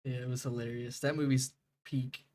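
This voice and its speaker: A man's voice: medium pitch, flat delivery, normal speed, darkish tone, slight background noise. A young man streaming a game, chatting casually with viewers, rambling and laughing, swearing freely.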